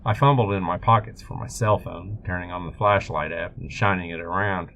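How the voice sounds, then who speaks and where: Low-voiced man narrating horror. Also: creaky, a little hiss or hum, rough recording. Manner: steady, measured storytelling. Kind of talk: scripted first-person narration. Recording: music bed behind voice.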